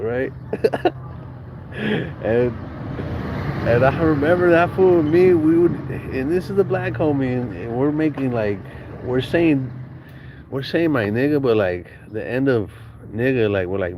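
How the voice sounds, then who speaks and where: A man's voice: medium pitch, normal speed, a little mellow, slight background noise. A man from Southern California tells stories from his childhood in casual, slangy, profane talk and laughs often. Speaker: podcast guest storyteller. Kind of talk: casual storytelling.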